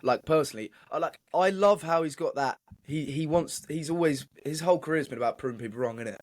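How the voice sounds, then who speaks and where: A man's voice: fairly high pitch, fast. A young man, co-hosting a casual football podcast, telling stories animatedly and swearing freely. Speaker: podcast co-host.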